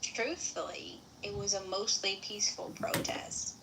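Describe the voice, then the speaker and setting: A woman's voice: mid-range voice, a little slow, gravelly, heavy background noise. A woman hosting a casual political chat, asking questions in a conversational way.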